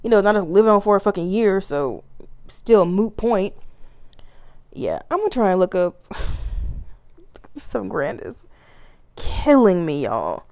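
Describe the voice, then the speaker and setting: A woman's voice: medium pitch, measured pace, pauses often, no echo. A woman hosting her own solo podcast, ranting casually with lots of swearing and frequent laughs. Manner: profane, animated, laughs often. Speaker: podcast host.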